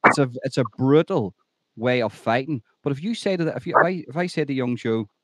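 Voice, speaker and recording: A man's voice: medium pitch, fairly quick, dry recording. A man hosting a podcast interview who talks in an emphatic, opinionated way and repeats himself when he stresses a point. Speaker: podcast host. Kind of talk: conversational interview.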